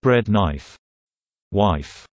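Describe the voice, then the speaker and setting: A man reading slang terms and their meanings in a measured, deliberate teaching delivery. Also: on the low side, expressive, dry recording. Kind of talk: slow explanatory reading of word pairs.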